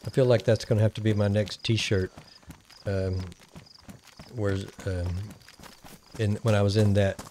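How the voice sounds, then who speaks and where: A man's voice: on the low side, little pitch movement, a little slow, mellow, a little hiss or hum. A man giving casual gameplay commentary, rambling and thinking aloud as he plays. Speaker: gaming channel host.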